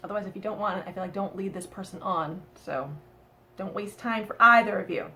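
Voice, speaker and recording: A woman's voice: medium pitch, brisk, pushed and bright, slight background noise. A woman with a Boston accent giving a chatty, rambling tarot reading to camera, often checking in with "okay?". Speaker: tarot reader.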